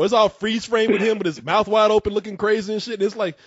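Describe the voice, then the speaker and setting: A man hosting a casual call-in show, an excitable storyteller who acts out scenes with loud bursts. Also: high-pitched, quick pace, breathy edge, no room sound, dull audio.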